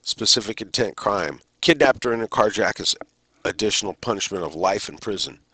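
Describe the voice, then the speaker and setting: A man with a fairly low voice and a sharp, forceful tone delivers a criminal justice lecture. He speaks in a measured, deliberate way and pauses between phrases. The recording is close and dry, with no room sound. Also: expressive, husky, no room sound.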